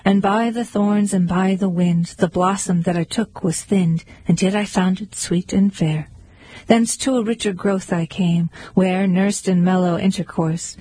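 A woman reading poems aloud in a measured recitation. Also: mid-range voice, warm tone, breathy edge, poor audio. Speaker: reader. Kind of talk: poetry reading.

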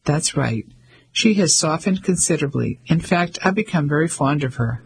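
A man voicing a lively, warm middle-aged woman who speaks briskly and cheerfully. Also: fairly high pitch, gravelly, breathy edge, full character voice, poor audio.

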